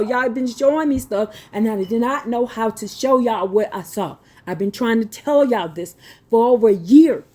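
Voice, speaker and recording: A blunt, scolding woman preacher with a fairly high, darkish voice reads from her notes. She moves slowly and deliberately, then breaks into heated, profane rants in colloquial language, like a religious teacher losing patience.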